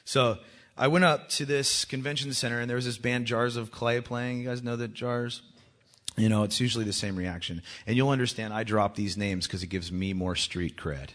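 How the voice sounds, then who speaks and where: A man with children, a worship leader giving a joking testimony talk to a church that rises into loud, urgent exhortation. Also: medium pitch, normal speed. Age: adult with children. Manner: joking, self-mocking, often laughing.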